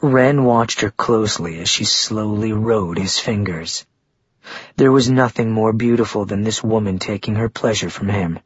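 A man narrating a romance novel in a steady, even storytelling read. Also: on the low side, moderate pace, breathy edge, no echo, lo-fi sound. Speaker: audiobook narrator.

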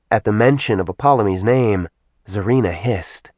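A man narrating a fantasy audiobook in an expressive storytelling manner. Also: lowish voice, moderate pace, no room sound. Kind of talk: scripted narration.

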